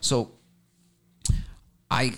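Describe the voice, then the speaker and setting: A man, a musician, telling animated stories about his career in a relaxed interview, with many fillers and restarts. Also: very slow. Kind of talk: storytelling interview talk.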